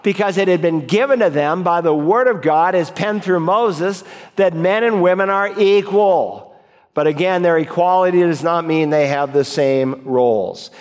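A man's voice: high voice, normal speed, big-room sound. A man preaching a sermon, reading Bible verses aloud and explaining them as he goes. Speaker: pastor.

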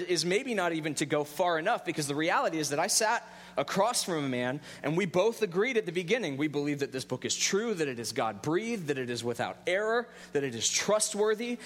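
A man in his thirties, a pastor, preaching a sermon in a relaxed storytelling way with self-deprecating humor. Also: fairly high pitch, in a large hall.

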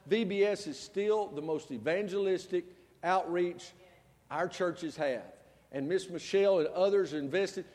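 High-voiced preacher man in reverberant church. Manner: storytelling preacher, swings from loud to soft. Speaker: pastor. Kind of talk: sermon.

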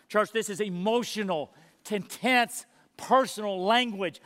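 A man's voice: sits high, normal speed, a bit bright, big-room sound. A man preaching a sermon to his church, earnest and emphatic, repeating phrases for weight. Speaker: pastor.

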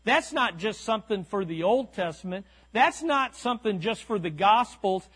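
A man's voice: high-pitched, lively intonation, fairly bright tone, breathy edge. A man preaching a sermon, emphatic and repetitive, calling out to the congregation. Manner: emphatic, repeats key lines slowly; calls to the congregation. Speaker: pastor.

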